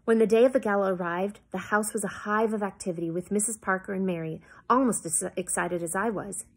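A woman reading a novel aloud at home, stopping now and then to explain the story to her listeners. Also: medium pitch. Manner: pauses to explain the story to listeners, corrects slips.

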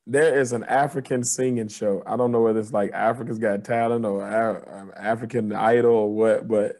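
A man's voice: fairly low pitch, fairly even intonation, normal speed, a little mellow. A man co-hosting a podcast, chatting casually in loose slang and laughing often. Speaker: podcast co-host.

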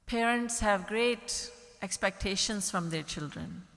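A woman's voice: medium pitch, takes it slowly, fairly bright tone. A woman spiritual teacher giving a discourse, telling stories with acted-out quotes and emphatic repetition. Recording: long hall reverb.

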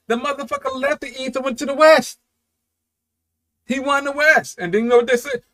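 A man hosting a music reaction, talking casually and excitably, swearing often and swinging from low muttering to loud outbursts. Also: a little fast.

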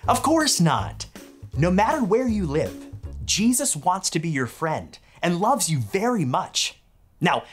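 A man in a mailman role who presents a children's Bible lesson, playful and animated, and leads call-and-response games. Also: sits high.

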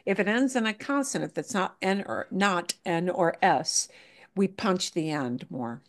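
Woman, Spanish teacher, slow pace, patient, repeats words, mixes English and Spanish. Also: lowish voice, expressive. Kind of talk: online language class.

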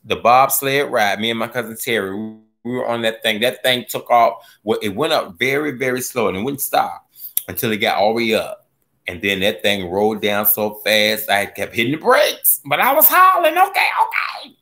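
Animated joking man on a live stream. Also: normal speed. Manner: animated and joking, swooping from low mutters to high squeals; playful, laughs often. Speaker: gardening livestream host. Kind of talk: casual live-stream chat reading viewer comments.

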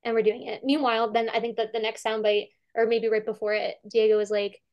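A woman's voice: on the high side, little pitch movement, fairly quick, lo-fi sound. A woman curator chatting casually about a film over a video call, talking with many fillers and restarts and acting out quotes.

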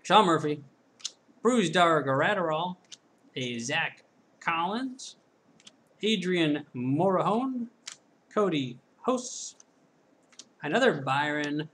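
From the corner of a room at home, a man hosting his own card-breaking channel chats to himself as he opens packs, sounding self-deprecating and talkative. His voice is a little high with a fairly bright tone. There's a little hiss or hum underneath.

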